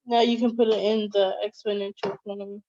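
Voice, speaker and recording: A woman's voice: medium pitch, flat delivery, moderate pace, noisy background. Hesitant young woman student, dull audio. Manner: hesitant, thinks aloud. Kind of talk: answering in an online lesson.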